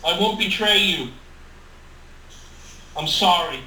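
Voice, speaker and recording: A man's voice: high voice, slow pace, pushed and bright, exaggerated voice. A man voicing a remorseful, devoted male adventurer in a tabletop role-play, speaking earnestly and with passion. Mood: earnest pleading. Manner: earnest, impassioned pleading in character. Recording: roomy, distant mic, faint hiss.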